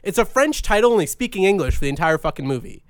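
Young male podcast host: smooth, high voice, profane rambling rants, dry booth sound. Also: sing-song, quick pace, dry recording. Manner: profane, rambling, mock-ranting. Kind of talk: casual comedic chat.

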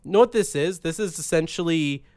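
Young male podcast host: smooth, high voice, profane rambling rants, dry booth sound. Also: moderate pace, a little mellow, no echo. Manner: profane, rambling, mock-ranting. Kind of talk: casual comedic chat.

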